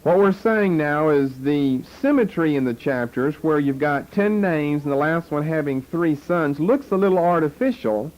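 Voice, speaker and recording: A man's voice: fairly high pitch, expressive, normal speed, hardly any pauses, highs cut off. A man teaching a Bible lesson, explaining step by step and posing rhetorical questions. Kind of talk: lecture on scripture.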